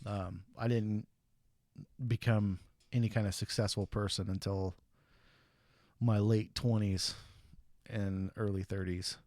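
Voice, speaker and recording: A man's voice: lowish voice, takes it slowly, long pauses, dry recording. Guy in his thirties telling old stories on a stream, does the voices, real dry mic. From USA. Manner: animated storyteller who acts out quotes. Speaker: stream host. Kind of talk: casual storytelling.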